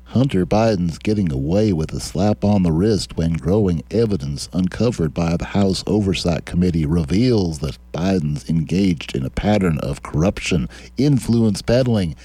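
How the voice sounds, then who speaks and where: A man's voice: deep voice, animated, moderate pace, few pauses, dark tone, slightly rough, no echo. A man putting on a pompous accent to imitate a blustering male congressman. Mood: indignant. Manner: put-on regional accent, pompous.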